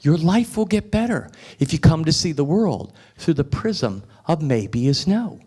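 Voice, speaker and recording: A man's voice: a little high, sing-song, unhurried, mellow, husky. A man giving a motivational speech at a restaurant luncheon, emphatic and repeating phrases for effect. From United States. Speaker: guest speaker. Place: restaurant event room.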